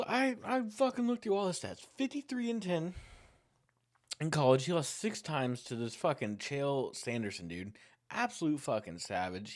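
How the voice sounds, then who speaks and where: A young man hosts his own sports talk show, his voice sitting at an ordinary middle pitch. He rants in a heated, rambling way, swearing constantly and working himself up as he goes. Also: darkish tone. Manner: heated, profane, rambling, gets worked up. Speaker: podcast host. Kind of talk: casual sports rant.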